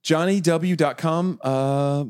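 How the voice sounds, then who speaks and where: A man appearing as a comedian guest on a podcast, chatting casually and trading quick wisecracks. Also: fairly high pitch, darkish tone, smooth, no echo, studio quality.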